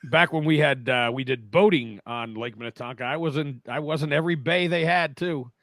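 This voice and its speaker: A man's voice: a little high, brisk, fairly bright tone, dry recording. A middle-aged man from New Jersey in a casual radio chat, telling rambling stories and often interrupting himself. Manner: rambling storyteller, self-interrupting.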